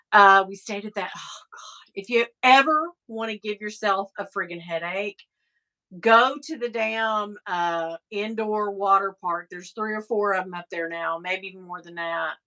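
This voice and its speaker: Chatty Southern woman, bright voice. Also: medium pitch. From American South. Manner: chatty, rambling, laughs often, swears casually. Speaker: livestream host reading chat. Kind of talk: casual chat.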